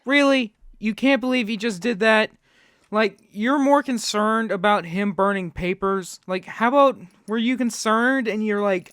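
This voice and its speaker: Studio-quality audio with no echo captures a man's high, smooth, slightly bright voice at a moderate pace. He's hosting a reaction video, ranting sarcastically at the footage and mocking it with put-on quotes.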